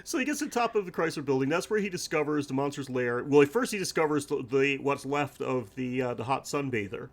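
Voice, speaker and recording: A man's voice: medium pitch, lively intonation, brisk. A man co-hosting a podcast, recapping a movie casually with laughs and swearing. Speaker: podcast co-host.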